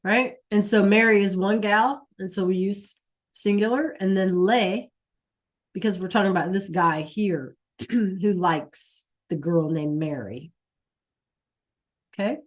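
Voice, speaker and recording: Slow, patient woman teaching an online class. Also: mid-range voice. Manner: patient, checks in with "okay?" and "right?" often. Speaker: Spanish teacher.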